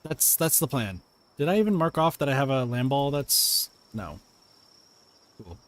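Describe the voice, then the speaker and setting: This man's gameplay commentary comes from a home room in a medium-pitched, slightly bright voice, very animated yet a little slow. He plays live, reads and replies to chat, and reacts playfully to the action.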